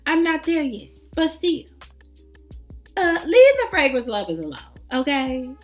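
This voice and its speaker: A woman's voice: sits high, sing-song, unhurried, soft background music. A woman reviewing fragrances in a casual vlog, chatty and emphatic with playful, sassy asides.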